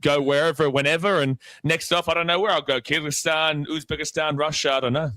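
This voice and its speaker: A man's voice: on the high side, steady tone, a little fast, bright, forceful tone, no echo, clean studio sound. A man speaking as a guest on a sports podcast, laid-back and chatty with plenty of fillers. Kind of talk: casual chat.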